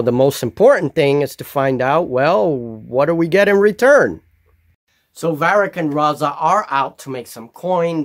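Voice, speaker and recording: A man narrating a solo tabletop game as game master, describing the scene slowly and deliberately. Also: medium pitch, no room sound. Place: hobby table with miniatures.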